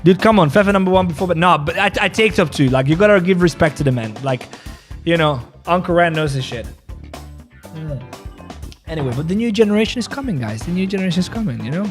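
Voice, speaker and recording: A man's voice: high voice, lively intonation, fast talker, faint music behind. Joking male crypto stream host. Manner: joking, laughing, repeats phrases. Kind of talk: casual livestream chat and market analysis.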